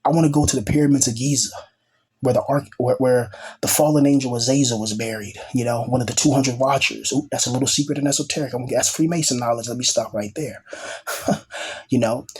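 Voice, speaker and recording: A man's voice: medium pitch, a little mellow, slightly rough. A man talking in a casual, rambling monologue as a self-styled teacher, peppering his talk with asides like "you know" and "bro".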